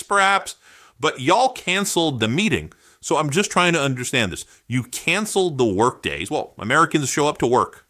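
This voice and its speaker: A man giving sarcastic political commentary, firing off rhetorical questions in an animated way. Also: mid-range voice.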